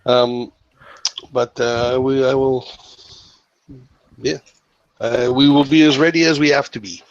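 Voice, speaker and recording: A man doing a slow sea captain. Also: medium pitch, fairly even intonation. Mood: earnest. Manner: halting, full of fillers. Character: French male ship captain ally. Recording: muffled lo-fi recording.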